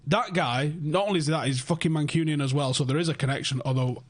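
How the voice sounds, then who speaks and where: A man's voice: fairly high pitch, fast. A man hosting a casual football podcast, swearing freely and acting out quoted conversations. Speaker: podcast host.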